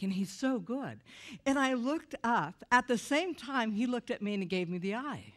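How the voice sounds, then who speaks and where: A woman with an animated, humorous storytelling manner tells a personal testimony to a church audience. She moves through her story quickly and acts out the voices of the people in it. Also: a little high. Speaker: speaker giving a personal testimony. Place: church event before an audience.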